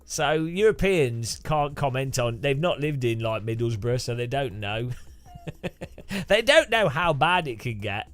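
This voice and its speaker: Joking streamer. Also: male voice, medium pitch, sing-song, measured pace, a bit bright, dry recording, faint music behind. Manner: chatty, joking, laughs often. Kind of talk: casual chat while sim racing.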